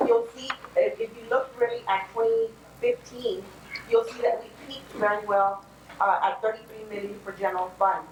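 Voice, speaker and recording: A woman's voice: mid-range voice, animated, normal speed. A woman, presenting city tax figures to a council in a friendly, joking way. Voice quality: raspy. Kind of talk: budget presentation at a public meeting. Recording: echoey council chamber, faint noise.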